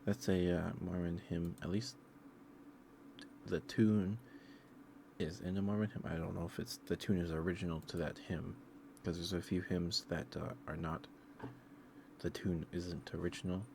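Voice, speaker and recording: Sleepy man with a very low voice, loose meandering ASMR storyteller. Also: little pitch movement, normal speed, gravelly, mellow, slight background noise. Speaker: streamer. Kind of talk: casual ASMR ramble.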